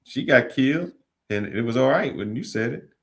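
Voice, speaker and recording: A man's voice: mid-range voice, moderate pace. A man co-hosting a casual live talk stream, talking animatedly and cursing as he scrolls through comments. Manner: animated, laughing, profane, scrolling while talking.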